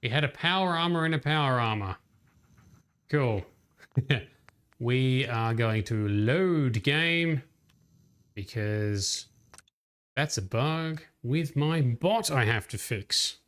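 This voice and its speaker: A man's voice: medium pitch, lively intonation, takes it slowly, long pauses, fairly bright tone, clean tone. A man casually thinking aloud as he plays through a game on a livestream. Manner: chatty, thinking aloud while playing. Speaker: streamer. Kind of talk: casual gameplay commentary.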